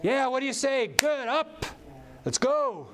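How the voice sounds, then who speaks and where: A man's voice: very high voice, big pitch swings, a little slow, crowd noise, voice pushed up, heavily acted. A man voicing God as a cheerful, generous father who playfully asks how many breaths and heartbeats to give each person today. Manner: playful and coaxing, like a host calling a vote.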